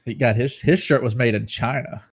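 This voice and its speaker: An American man with a light Southern twang runs a loose, jokey podcast chat, his pitch sitting right in the middle. He talks animatedly and slips into a thicker drawl for fun, speaking into a podcast mic on a call. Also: normal speed. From United States. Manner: joking, animated, drifts into a put-on twang. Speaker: podcast host. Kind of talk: casual podcast banter.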